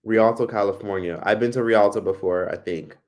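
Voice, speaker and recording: A man's voice: on the low side, moderate pace. A man hosting a casual livestream, chatting expressively while reading and answering viewer comments. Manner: chatty, animated, swearing freely. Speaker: livestream host.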